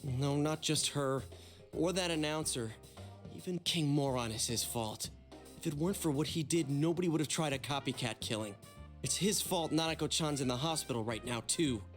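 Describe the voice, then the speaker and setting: A man voicing a brash, loyal teenage boy in an English video game dub, talking in an excitable, blunt way. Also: a little high, normal speed, soft background music, natural voice. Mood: angry.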